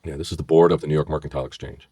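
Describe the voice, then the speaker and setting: A middle-aged man, a former FBI agent, co-hosting a podcast and telling a story with lively acted-out voices. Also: very deep voice, very fast, breathy edge, no echo. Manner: vivid storyteller who acts out voices. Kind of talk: storytelling in conversation. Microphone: studio microphone.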